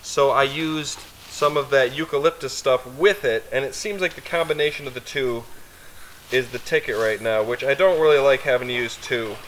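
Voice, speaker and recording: A man's voice: medium pitch, moderate pace, a bit bright, a little hiss or hum, low-quality recording. A young man chatting casually while camping in the woods, rambling and coaxing his dogs along. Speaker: outdoor vlogger. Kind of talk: casual camping vlog chat. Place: outdoors in the woods by water.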